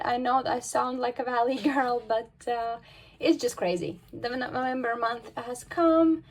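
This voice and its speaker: A woman from the Baltic states chats casually through her budget as a vlogger. Her voice sits high and sounds a little husky, with gravelly fry at the ends of phrases. She fills pauses often and counts bills aloud. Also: poor audio. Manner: chatty, with frequent fillers and counting aloud. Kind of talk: casual talk to camera.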